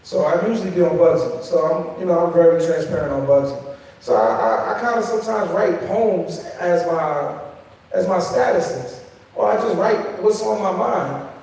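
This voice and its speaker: Man, high for a man but mellow, earnest panel talk, echoey hall heard from far off. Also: lively intonation, normal speed. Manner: earnest, conversational, repeats words as he speaks. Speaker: poet on a discussion panel. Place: event hall with an audience.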